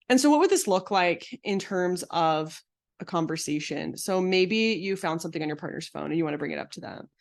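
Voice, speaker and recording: A woman psychotherapist teaching a live online session in a casual, explanatory way, with many fillers and restarts. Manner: acts out quoted lines with sudden high pitch. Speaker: psychotherapist and betrayal coach.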